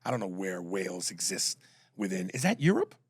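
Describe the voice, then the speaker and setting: Gravelly male podcast host, lively delivery, husky, dry mic. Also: sits low, a little fast, no room sound. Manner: animated, reads emails aloud, jokes in voices. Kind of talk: casual podcast banter.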